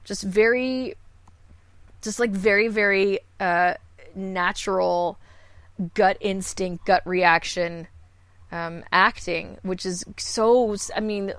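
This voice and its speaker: A woman's voice: medium pitch, slow pace, clean tone, dry recording. A woman in her thirties, a voice actor guest, talking candidly and self-deprecatingly in a rambling podcast chat. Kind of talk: casual podcast conversation.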